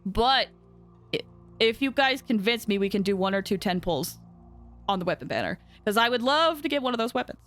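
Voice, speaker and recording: A woman's voice: on the high side, animated, fairly quick, fairly bright tone, faint music behind. A young woman streaming a game, chatting with viewers in a bubbly, giggly way. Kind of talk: casual live-stream chat.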